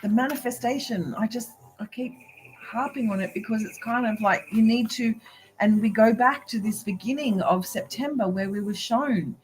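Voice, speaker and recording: A woman's voice: fairly high pitch, normal speed, rough recording. A woman who is a spiritual business coach, giving a live video reading in an emphatic, preachy way. She keeps asking "right?", giggles often and swears now and then.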